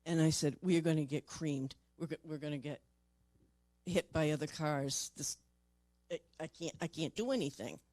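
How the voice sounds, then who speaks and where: An older woman who investigates the paranormal tells a personal story haltingly, repeating words and going soft at tender moments. Her voice is low, with no echo.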